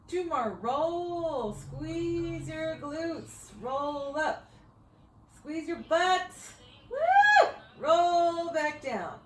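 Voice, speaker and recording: A woman's voice: on the high side, reverberant, slight background noise, poor audio. A woman fitness coach leading a floor workout, upbeat and whooping as she exercises along, slightly out of breath. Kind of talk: workout instruction.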